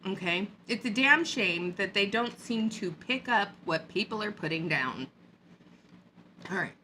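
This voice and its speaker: A woman's voice: medium pitch, animated, unhurried, pushed and bright, a little hiss or hum. A woman vlogger giving a sarcastic, mocking rant in a hot upstairs room. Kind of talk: ranting commentary vlog.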